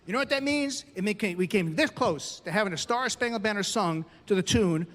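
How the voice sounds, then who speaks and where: Performing a stand-up set on a club stage, a middle-aged American man delivers punchy lines and quick asides to the crowd. His voice is high, animated and fairly bright, heard in a large hall.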